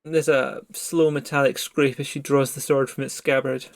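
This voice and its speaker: A man narrating as game master of a tabletop horror game, in a calm, descriptive way. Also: medium pitch, normal speed, creaky.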